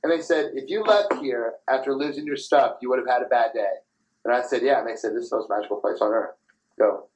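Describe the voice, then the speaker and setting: A man in his thirties hosting a podcast, telling profane, animated anecdotes in casual chat and laughing as he goes. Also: medium pitch, fast, low-quality recording. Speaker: podcast host.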